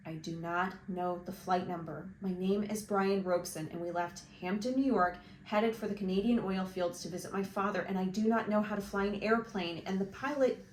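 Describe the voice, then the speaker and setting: A frantic teenage boy, stranded and terrified, pleading over a radio in a high, cracking voice, as a woman reads him in a storybook. The sound is roomy, with a faint hiss underneath. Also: moderate pace, few pauses, lightly acted. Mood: desperate. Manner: frantic, pleading, breaking into shouts.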